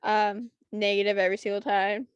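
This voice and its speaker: A woman's voice: mid-range voice, flat delivery, brisk, smooth, highs cut off. A young woman co-hosting a podcast, chatting casually in a wry, self-deprecating way. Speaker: podcast co-host. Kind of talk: casual chat.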